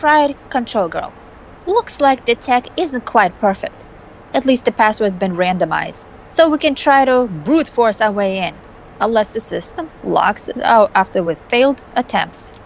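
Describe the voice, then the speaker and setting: A woman's voice: fairly high pitch, lively intonation, measured pace, gravelly, a little hiss or hum, poor audio. A woman voicing a scheming, tech-savvy young woman with a wry, offhand delivery, in a fan voice acting of a game.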